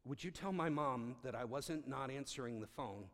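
A man's voice: medium pitch, normal speed, close to an everyday voice. A man voicing an anxious, polite teenage boy who talks in an earnest, pleading way. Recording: long hall reverb.

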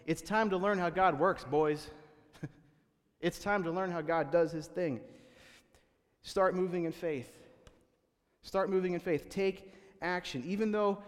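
A man preaching in a large, echoing hall, his voice sitting a little higher than most men's. He talks to the congregation in a loose, conversational way, stumbling and restarting, and slips into little acted-out quotes. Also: measured pace. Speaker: pastor. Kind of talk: sermon.

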